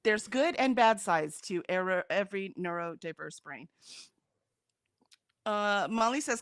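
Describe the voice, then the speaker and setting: A woman co-hosting a reading stream in casual chat, reading out viewer comments with animated, laughing energy. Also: medium pitch, unhurried, long pauses, no echo, clean studio sound. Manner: animated, chatty, laughs often. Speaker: co-host of a reading sprint stream.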